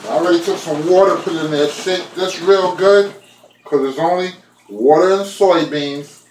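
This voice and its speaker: A man's voice: fairly high pitch, moderate pace, echoey room, slight background noise, rough recording. A man chatting casually to his viewers while he makes food in his kitchen, talking to them directly. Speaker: vlogger. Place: home kitchen.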